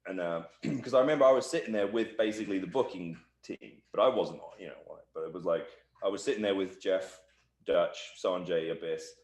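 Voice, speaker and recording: A man giving a shoot interview, telling a backstage anecdote with lively, acted-out quotes. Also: sits low, brisk. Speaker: interview guest, wrestler. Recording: echoey room.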